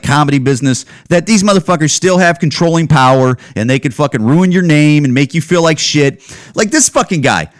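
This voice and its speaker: A man's voice: a little high, dry recording, clean studio sound. A man hosting a podcast from home, ranting solo in a loose, profane, run-on way. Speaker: podcast host. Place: at home, indoors.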